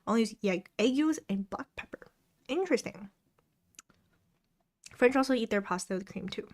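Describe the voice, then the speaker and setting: With a slightly high, lively voice at a moderate pace, a young woman chats casually with her live audience during a study stream at her home desk. She reads their comments out loud and laughs often.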